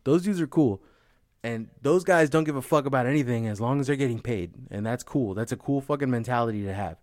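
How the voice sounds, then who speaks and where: A man's voice: medium pitch, fairly quick, a little mellow, no echo, studio quality. A young man from the Bay Area, rambling in casual comedic chat, swearing a lot and saying "you know what I'm saying". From San Francisco Bay Area.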